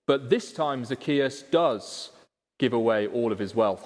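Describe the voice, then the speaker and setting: Male preacher, mid pitch, chatty sermon full of rhetorical questions, long church-hall reverb. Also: expressive, unhurried. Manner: conversational, asks rhetorical questions. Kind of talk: expository sermon.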